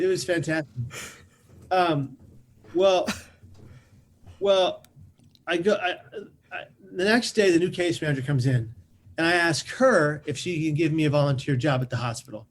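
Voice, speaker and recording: A man telling a personal story as a podcast guest, lively, repeating words as he rushes on. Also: fairly high pitch.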